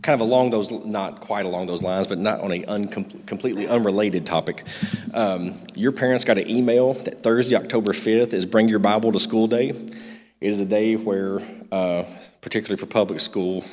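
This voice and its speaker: Speaking at an ordinary pace, this man has a somewhat low, slightly mellow voice. He leads a youth group in a church meeting room, giving rambling, filler-laden announcements and then reading a devotional aloud, with long hall reverb on the recording.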